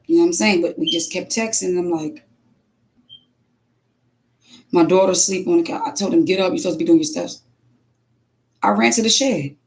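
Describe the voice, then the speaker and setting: A woman who reads scripture aloud and then tells emphatic, lively stories as a livestream preacher. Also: fairly low pitch, rough recording. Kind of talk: scripture reading and casual testimony.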